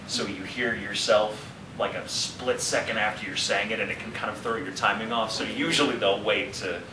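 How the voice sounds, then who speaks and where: A man in his thirties, a voice actor answering fan questions at a convention panel, talking in an animated, joking way and wandering off into tangents. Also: lowish voice, moderate pace. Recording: roomy, distant, noisy audience recording.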